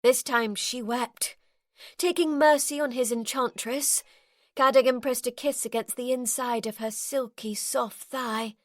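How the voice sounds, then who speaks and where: A woman narrating a romance audiobook in a measured, intimate, softly expressive reading on a close studio microphone. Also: fairly high pitch, dry recording.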